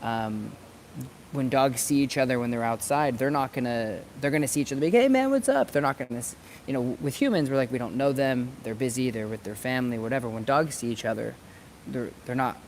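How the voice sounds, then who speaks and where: A man's voice: mid-range voice, steady tone, fairly quick, slight background noise. A dog trainer talking casually to camera outdoors, repeating words as he works through his thoughts. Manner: conversational, repeats words while he thinks. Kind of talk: casual instructional talk to camera. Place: outdoors near planters.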